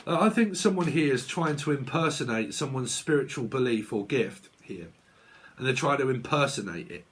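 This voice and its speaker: A man's voice: medium pitch, lively intonation, normal speed, a bit bright, slightly rough. A man talking as a tarot reader in a blunt, sweary casual vlog rant, laughing often.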